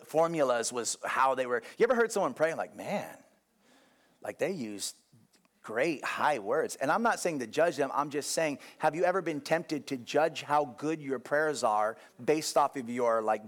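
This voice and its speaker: A young man preaching in a loose, conversational way, stopping to check in with his listeners and restarting his sentences as he tells a personal story. His voice sits a little higher than most men's. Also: moderate pace. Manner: animated storytelling, frequent restarts and asides to the congregation. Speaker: pastor. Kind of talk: conversational sermon.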